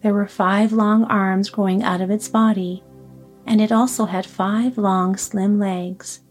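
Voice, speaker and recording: A woman reading a storybook aloud as the narrator, in a calm, even way. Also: mid-range voice, unhurried, faint music behind. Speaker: audiobook narrator.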